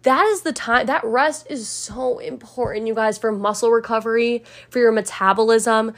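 A woman's voice: fairly high pitch, steady tone, normal speed. A young adult woman, a personal trainer, hosting a casual solo podcast and talking straight to her listeners in a chatty, upbeat way. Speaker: podcast host.

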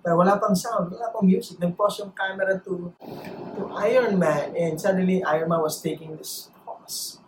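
A man with a Filipino accent preaching a sermon, mixing Tagalog and English and speaking with deliberate pauses. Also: sits high, fairly even intonation. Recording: roomy echo, faint noise.

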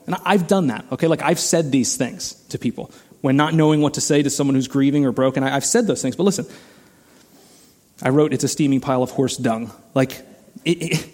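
A man's voice: mid-range voice, brisk, a little mellow. A man preaching a sermon as a pastor, earnest and conversational, often saying "like" and repeating words as he goes.

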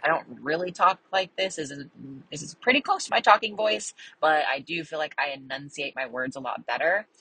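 Bubbly low-voiced woman podcast host. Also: fairly quick, hardly any pauses, sharp tone, rough recording. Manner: bubbly, chatty, lots of fillers; enunciates crisply in podcast voice. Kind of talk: casual solo podcast chat.

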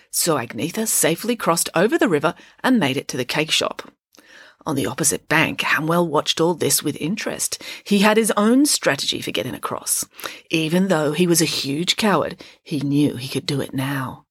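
A woman reads a children's story aloud in a playful, wry way, using dramatic pauses. Her pitch rises and falls a great deal. The recording is close and dry. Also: animated, fairly bright tone, breathy edge, no room sound. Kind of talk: storybook narration.

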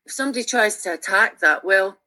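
A woman's voice: medium pitch, fairly quick. A Scottish woman around sixty with a Glaswegian accent, telling stories earnestly and with feeling as a guest on a radio show. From Scotland. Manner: earnest and animated, with frequent restarts. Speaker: musician guest. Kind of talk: reflective conversational storytelling.

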